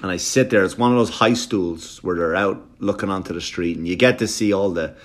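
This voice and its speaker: Rambling low-voiced comic storyteller man. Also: a little fast. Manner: animated, stammering, profane asides. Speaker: comedian podcast host.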